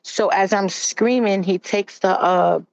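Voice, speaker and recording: A woman's voice: mid-range voice, steady tone, takes it slowly, vocal fry, dry recording. A woman giving a candid, blunt personal testimony as a panel guest. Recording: dull, dry recording.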